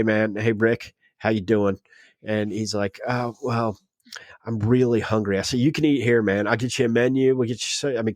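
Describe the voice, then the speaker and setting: A man telling a story on a podcast, animated and acting out the dialogue of the people in it. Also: medium pitch, no room sound, studio quality. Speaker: podcast guest. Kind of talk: casual storytelling.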